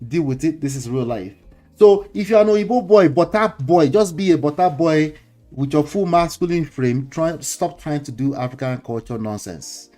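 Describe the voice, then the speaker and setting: A man's voice: on the high side, expressive, moderate pace, dark tone, faint music behind. Lecturing Nigerian man hosting a commentary show. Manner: lecturing, repeats points, chuckles, mixes in pidgin words. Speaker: host.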